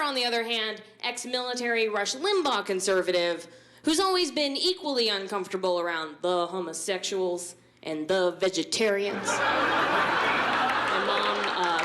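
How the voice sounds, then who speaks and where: A female stand-up comedian telling family stories in a dry, understated way. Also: mid-range voice. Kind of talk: stand-up set. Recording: echoey room with loud noise.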